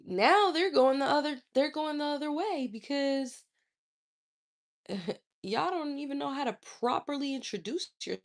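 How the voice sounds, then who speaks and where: A woman's voice: high-pitched, expressive, measured pace. A woman hosting a livestream, ranting in a sassy, profane and indignant way. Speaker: livestream host. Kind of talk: casual livestream rant.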